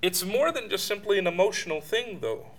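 A man preaching a sermon, telling personal stories with chuckles and at times sinking to a soft hush. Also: high-pitched, expressive, brisk.

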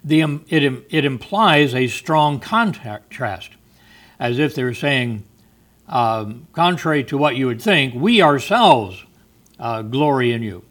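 A man's voice: medium pitch, animated, measured pace, a bit bright. Man, Bible study teacher, explanatory, repeats himself, ums and restarts. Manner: explains word meanings, repeats phrases, frequent ums and restarts.

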